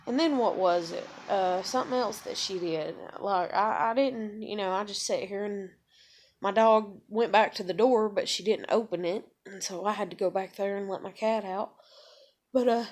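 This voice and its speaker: A woman's voice: medium pitch, moderate pace, a little mellow. A woman in her thirties venting in a rambling, profane monologue from a room at home. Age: 30s. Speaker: vlogger.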